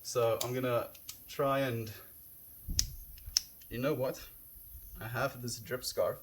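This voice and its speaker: A young man, raised speaking Afrikaans, chats loosely with his live-stream audience. His voice sits at an ordinary middle pitch, and he gushes with thanks between comments. He is outdoors, talking casually and sincerely. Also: fairly even intonation, takes it slowly, background noise. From South Africa. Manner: gushing, heartfelt, reads chat comments aloud. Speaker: livestreamer. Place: outdoors, windy.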